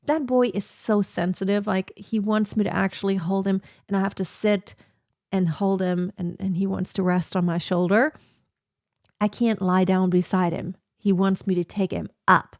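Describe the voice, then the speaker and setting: A woman's voice: mid-range voice, vocal fry, darkish tone, no room sound, clean studio sound. A woman in her thirties chatting casually and reflectively on a sit-down livestream from her home office, with lots of fillers. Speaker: vlogger.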